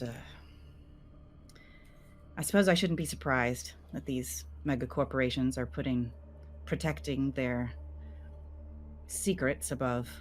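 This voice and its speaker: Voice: mid-range voice, a little hiss or hum, close to an everyday voice. A player voicing a blunt female ship doctor who speaks in a curt, resigned way.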